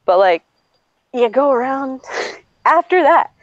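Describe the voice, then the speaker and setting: This streamer host has a high voice with lively intonation and speaks slowly. Chatting casually, she tells a story bluntly, with plenty of profanity and frequent laughter. It's a dull, dry, lo-fi recording without echo.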